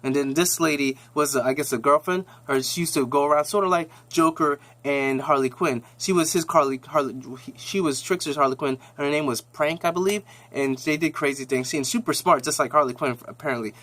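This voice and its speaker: A man's voice: fairly high pitch, fairly bright tone. A man casually recapping a TV episode in a rambling, slangy way with lots of restarts.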